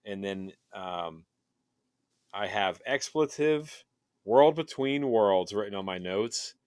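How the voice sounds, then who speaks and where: A man co-hosting a show, chatting in an excited, rambling way with plenty of fillers. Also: fairly low pitch, slow pace, smooth, no room sound, studio quality. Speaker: podcast co-host. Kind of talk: casual chat.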